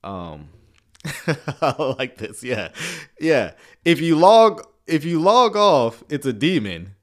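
A man's voice: fairly high pitch, sing-song, slow. A man giving sarcastic reaction commentary on video clips, with chuckling asides.

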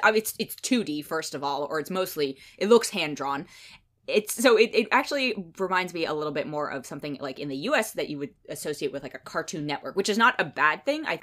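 A woman giving a casual, candid spoken film review, opinionated and animated, voicing little mock quotes. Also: on the low side.

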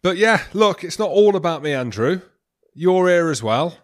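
A man's voice: on the high side, lively intonation, moderate pace. Podcast co-host, man, boisterous storyteller, casual banter.

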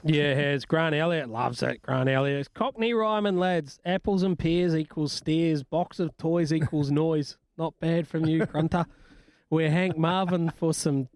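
A man's voice: a little high, darkish tone, no echo. A man hosting breakfast radio, rambling and joking and often laughing, on a studio microphone. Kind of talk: casual breakfast radio banter.

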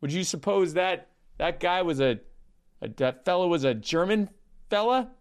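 A man putting on a low, deadpan, halting comedian voice to tell a rambling joke about being teased. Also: smooth. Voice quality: deadpan, drawling, halting with restarts. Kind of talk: comedian impression bit.

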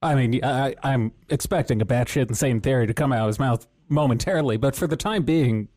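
Podcast dude chuckling through wry remarks, dark voice, dead dry mic. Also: male voice, mid-range voice, a little fast, no room sound. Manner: wry, laughs often, hesitant restarts. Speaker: podcast co-host. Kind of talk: casual commentary.

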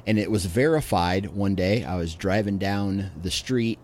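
A man's voice: sits low, a little slow, a little mellow, a little hiss or hum. A man in his late thirties, co-hosting a podcast in casual chat, laid-back and laughing often. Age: late 30s. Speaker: podcast co-host.

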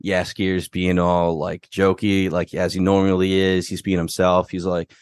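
A man's voice: low-pitched, monotone, measured pace, smooth, no echo. A young man casually recapping a TV episode, talking loosely with fillers and the odd swear. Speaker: podcast host.

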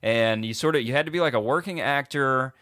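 A man's voice: mid-range voice, a little fast, fairly bright tone, no room sound, studio quality. Casual profane man telling a story. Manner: loose, profane, storytelling, laughs often. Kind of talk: casual chat.

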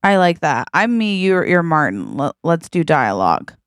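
A woman co-hosting a comedy podcast, reacting with gasps and quick interjections. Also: sits low, very animated, dry recording, clean studio sound. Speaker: podcast co-host.

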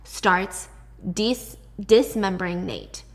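A woman narrating a dark story in a chatty, casual retelling with wry asides. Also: medium pitch, big pitch swings, slow.

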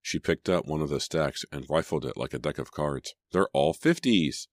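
A man reading an audiobook in scripted narration, telling the story in a measured way. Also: very deep voice, steady tone, no room sound, clean studio sound.

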